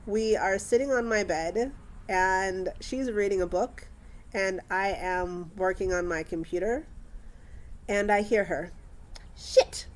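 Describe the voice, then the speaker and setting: A woman's voice: mid-range voice, measured pace. Wry young woman telling family stories. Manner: wry, animated, acts out the dialogue. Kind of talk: casual anecdotal storytelling.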